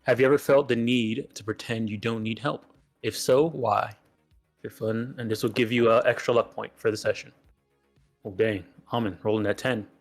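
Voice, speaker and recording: A man with a mid-range voice runs a tabletop game as game master. He talks easily and stops often with fillers, with soft music faintly behind him. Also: medium pitch, fairly even intonation. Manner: easygoing, filler-heavy, halting.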